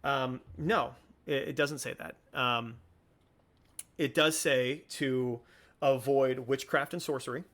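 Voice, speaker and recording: A man's voice: medium pitch, steady tone, slow pace, fairly bright tone. A young man hosting a podcast, talking earnestly and a bit preachily, often restarting his sentences. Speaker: podcast host. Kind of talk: casual commentary.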